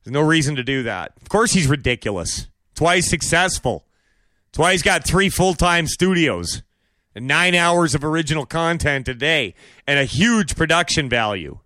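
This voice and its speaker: In a close, dry recording with no room sound, a man hosts a podcast of opinionated solo commentary at a moderate pace with lively intonation. His voice is high, tense and bright as he fires off sarcastic rhetorical questions, mocking asides and loud, exaggerated impressions.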